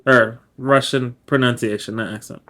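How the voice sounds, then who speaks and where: A man's voice: mid-range voice, fairly even intonation, normal speed, pushed and bright. A man giving casual chess study commentary, laid-back and explanatory, often correcting himself as he goes. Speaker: chess streamer.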